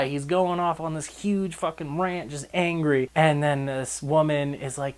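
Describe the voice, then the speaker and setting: A man's voice: on the high side, normal speed, few pauses. A man giving a casual, profane film review, with sarcastic, exasperated rants broken up by laughter.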